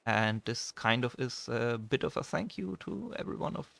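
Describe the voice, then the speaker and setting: A man's voice: medium pitch, lively intonation, moderate pace, vocal fry, fairly bright tone. German-accented man searching for words. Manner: hesitant, often searching for words with fillers. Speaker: let's play host. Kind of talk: casual gameplay commentary.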